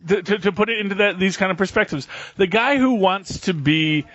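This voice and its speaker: A man's voice: high-pitched, a little fast, fairly bright tone, no echo. A man co-hosting a podcast in casual chat, rambling with many fillers and restarts. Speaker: podcast co-host. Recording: dull lo-fi podcast audio, dry.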